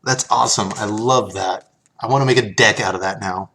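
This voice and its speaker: A man's voice: fairly low pitch, fairly quick, pushed and bright, a little hiss or hum. A man casually chatting on a live stream, reading card text aloud and thanking viewers as he opens packs.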